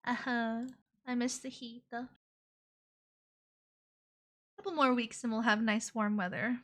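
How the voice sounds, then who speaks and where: A woman's voice: on the high side, level tone, normal speed. A woman streamer chatting casually with viewers while drawing. She talks playfully and hums nonsense syllables between comments. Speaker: VTuber streamer.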